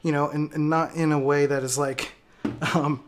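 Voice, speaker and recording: A man's voice: a little high, flat delivery, normal speed, noisy background. A man hosting a casual livestream, reading viewer comments and talking reflectively with frequent hesitations and fillers. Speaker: livestream host.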